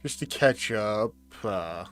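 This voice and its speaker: A man running a tabletop role-play game as game master, speaking in a relaxed, unhurried way. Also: lowish voice, faint music behind.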